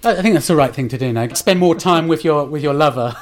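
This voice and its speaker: A man's voice: on the high side, fast. A man hosting a podcast, summing up his guest's points and prompting him in a casual interview. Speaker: podcast host.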